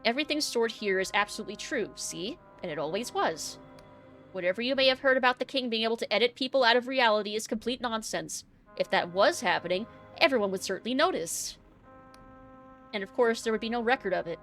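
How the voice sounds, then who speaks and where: Woman reading a prim middle-aged librarian from a game, sweet-mannered and evasive, soft music under her. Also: on the high side, lively intonation, a little fast. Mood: guarded. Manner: sweetly polite, calls people dearie. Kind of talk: reading game dialogue aloud.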